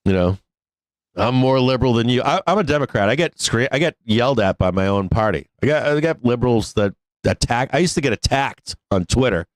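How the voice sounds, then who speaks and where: A man's voice: medium pitch, lively intonation, brisk, no room sound. Profane, laughing male stock stream host. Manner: profane, laughs often, rants. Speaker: stock market livestream host. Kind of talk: casual profane livestream chat.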